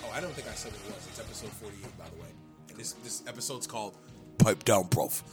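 A man's voice: lowish voice, rapid-fire, a bit bright, faint music behind. A man co-hosting a casual wrestling podcast, joking and rowdy, laughing often. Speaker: podcast co-host.

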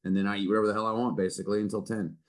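A man in his thirties, a football coach on a podcast, telling stories in a profane, self-mocking, animated way. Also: lowish voice, racing. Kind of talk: casual storytelling chat.

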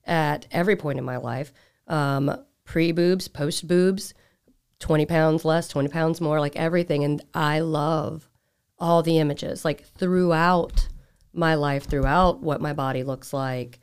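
A woman who runs a boudoir photography studio, talking candidly and relaxed as a podcast guest. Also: low-pitched, measured pace, clear, resonant tone. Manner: relaxed, candid, laughs easily. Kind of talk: casual interview chat.

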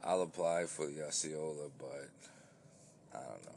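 A man's voice: extremely low pitch, lively intonation, unhurried, gravelly, a little mellow, a little hiss or hum. A man hosting his own podcast, talking loosely and rambling, with restarts and casual swearing, tired from an early start. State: tired, yawning. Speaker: podcast host.

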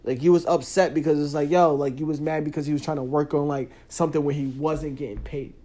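Man, young adult, podcast host, casual monologue, animated, fairly high voice. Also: fast. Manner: animated, talks straight to the listener, rising loud when worked up.

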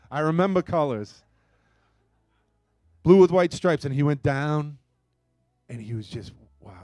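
A man preaching a sermon and telling a story, his voice swinging between hushed moments and loud, emphatic bursts. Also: mid-range voice, dry recording. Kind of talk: sermon testimony.

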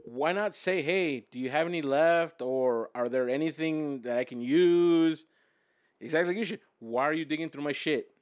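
A man's voice: a little high, normal speed. A man co-hosting a podcast in casual chat, mostly laughing and teasing in short reactions. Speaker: podcast co-host.

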